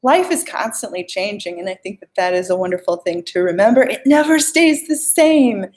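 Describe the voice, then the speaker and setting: On a live stream, a young woman works as a life coach, reading out viewers' questions and answering them in a chatty, easygoing way with plenty of filler words. Her voice is mid-pitched for a woman, a little mellow, with lively intonation at a normal speed.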